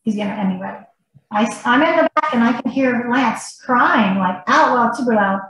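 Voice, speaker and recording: Animated storytelling woman, echoey room. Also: fairly high pitch, moderate pace. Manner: animated, acts out what people said. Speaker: interview guest. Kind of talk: personal storytelling.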